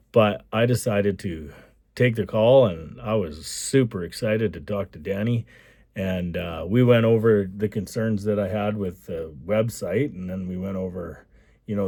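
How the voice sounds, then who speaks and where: A fairly low, slightly mellow male voice, recorded dry with studio quality. He's an Alberta, Canada man who owns a construction company, telling a rambling, enthusiastic story in a casual vlog, full of repeated asides.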